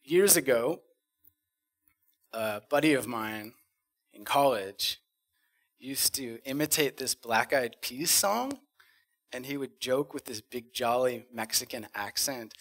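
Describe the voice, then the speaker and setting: A man on a conference stage performing spoken-word poetry, rhythmic and dramatic, swinging from loud bursts to hushed lines. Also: mid-range voice, expressive, a little slow, long pauses. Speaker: conference speaker.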